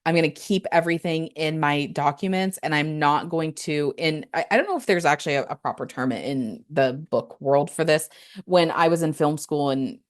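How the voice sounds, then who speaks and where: Low-voiced chatty woman podcast host. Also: normal speed. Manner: chatty and candid, playful asides. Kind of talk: casual solo podcast talk.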